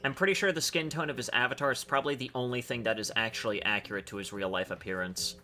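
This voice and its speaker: A man's voice: mid-range voice, quick pace, sharp tone, soft background music. A man co-hosting a stream, joking crudely and sarcastically in casual chat. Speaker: stream co-host.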